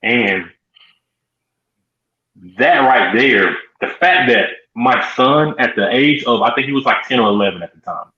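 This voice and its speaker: A male co-host telling a personal story in a halting way, repeating words as he goes. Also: lively intonation, bright, forceful tone. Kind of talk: casual chat, personal story. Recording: echoey, dull low-fi audio.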